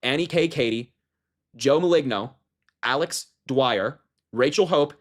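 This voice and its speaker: A man's voice: medium pitch, a little slow. A man reading a news story aloud and commenting on it with indignant, sarcastic emphasis. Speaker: political commentator.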